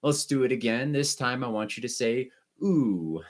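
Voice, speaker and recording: A man teaching an online music lesson, guiding students through breathing and warm-up exercises with short, encouraging instructions. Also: mid-range voice, steady tone, fairly quick.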